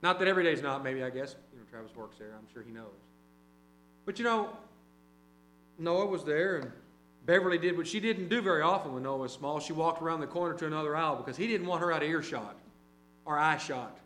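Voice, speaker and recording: A middle-aged man preaching a conversational sermon, telling personal stories and dropping to quiet asides. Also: a little high, a little fast. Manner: conversational, anecdotal, varies loudness widely. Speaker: preacher and teacher. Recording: roomy hall with mains hum.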